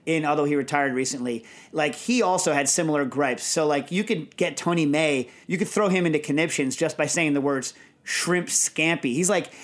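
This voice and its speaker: A fairly high-voiced male podcast host chatting casually. He rambles from one story to the next, quick and animated, with lots of asides. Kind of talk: casual chat.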